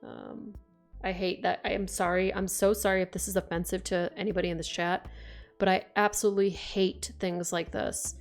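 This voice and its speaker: A young woman streaming a game live, reading the text aloud and chatting in an expressive, casual way that includes swearing. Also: on the low side, normal speed, faint music behind.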